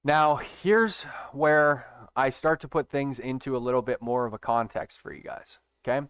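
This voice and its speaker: A man's voice: mid-range voice, normal speed, fairly bright tone, clean tone, no room sound, clean studio sound. A man giving a casual screen-share trading tutorial, emphatic and profane, who keeps checking in with his viewers. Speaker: stock trading educator.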